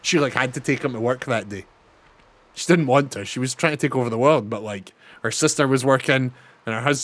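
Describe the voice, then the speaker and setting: A young man streams a game and chats through it, swearing and laughing as he goes. His voice sits at a middling pitch. The sound is dry and close, with no room echo. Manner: chatty, swearing, laughing often. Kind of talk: casual gaming commentary.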